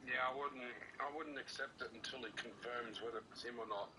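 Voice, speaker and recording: A man's voice: mid-range voice, brisk, noisy background. A man chatting casually with a friend while gaming together, laid-back with brief replies. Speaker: co-player friend.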